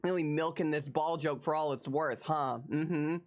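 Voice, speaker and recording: A woman's voice: sits low, steady tone, moderate pace. A young adult woman streaming live, chatting casually, wry and self-mocking, often repeating her lines.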